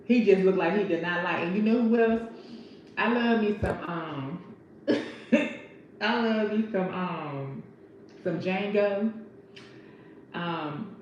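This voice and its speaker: Animated woman in a very echoey room. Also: mid-range voice, moderate pace, a little hiss or hum. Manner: animated storytelling, acting out movie lines with laughter. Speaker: vlogger. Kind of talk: casual chat. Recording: very echoey, dull lo-fi room sound.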